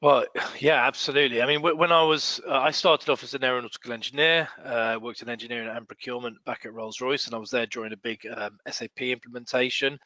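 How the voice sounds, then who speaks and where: A man being interviewed on a podcast, talking in a relaxed, casual way with fillers. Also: medium pitch, fast, hardly any pauses, no room sound. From United Kingdom. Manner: relaxed, with fillers and light laughs. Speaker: guest, software company co-founder.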